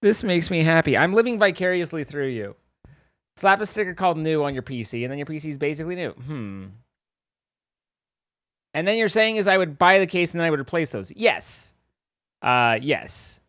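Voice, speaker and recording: Live streamer, casual playful banter with chat; animated delivery, dry sound. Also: mid-range voice, normal speed, dry recording. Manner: rambling, animated.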